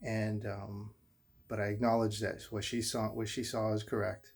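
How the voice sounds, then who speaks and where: Husky-voiced father, halting and earnest. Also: on the low side, little pitch movement. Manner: halting, repeats himself, earnest. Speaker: father telling a personal story. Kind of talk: emotional personal monologue to viewers.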